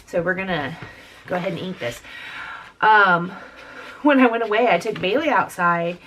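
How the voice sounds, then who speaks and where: A woman's voice: fairly low pitch, moderate pace, a bit bright, slight background noise. A woman hosting a scrapbooking video at home, chatting casually and rambling as she works, often calling viewers "dude". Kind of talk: casual chat while crafting. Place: home craft room with door open.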